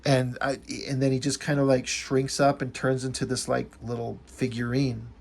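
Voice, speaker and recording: A man's voice: mid-range voice, completely flat delivery, moderate pace, vocal fry. A man giving a casual, enthusiastic review of a comic book, rambling a little with fillers.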